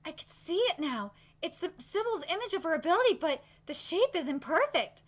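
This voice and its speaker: A woman voicing a calm male researcher in a manga read-aloud, measured and quieter than her own talk. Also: extremely high pitch, pitched below the performer's own voice. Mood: analytical.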